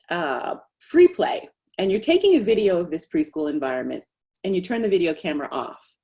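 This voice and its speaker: A middle-aged woman, a speech-language pathologist, giving an animated webinar presentation. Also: deep voice. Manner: animated, acts out quoted voices.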